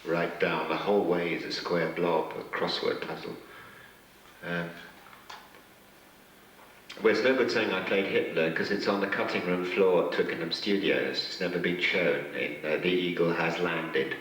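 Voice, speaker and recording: A man with a low voice, heard from across an echoey hotel function room as he answers questions. He tells rambling, self-mocking stories and chuckles at his own jokes. The sound is distant, with heavy reverb from the hall. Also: steady tone, normal speed, fairly bright tone, slight background noise. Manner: rambling, joking anecdotes with chuckles. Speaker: guest actor at a fan convention. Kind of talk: convention Q&A storytelling.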